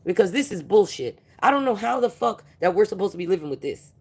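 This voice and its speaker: A woman's voice: medium pitch, sing-song, quick pace, breathy edge. A woman hosting a livestream, ranting angrily and confrontationally with a lot of swearing. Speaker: livestream host. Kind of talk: angry profane livestream rant.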